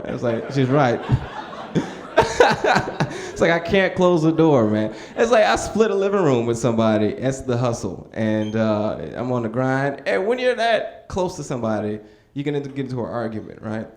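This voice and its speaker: A man's voice: mid-range voice, lively intonation, moderate pace, darkish tone, echoey room. A young man performing a stand-up set in a club, telling stories in a laid-back way and acting out other voices. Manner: laid-back storytelling, acts out voices, laughs at own jokes. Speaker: stand-up comedian. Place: comedy club stage with audience.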